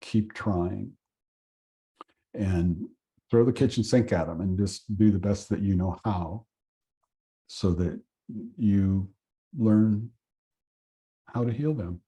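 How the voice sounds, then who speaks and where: A man from Oregon teaching an acupuncture course, telling a patient story in an earnest way and pausing often with fillers. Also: on the low side, mellow. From Oregon, USA. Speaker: acupuncture instructor. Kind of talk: storytelling lecture.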